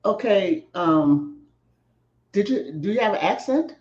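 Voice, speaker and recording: A woman's voice: medium pitch, lively intonation, a little slow, a little mellow. A woman who is a guest in a casual conversation, speaking directly and frankly and asking pointed questions. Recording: echoey, dull-sounding.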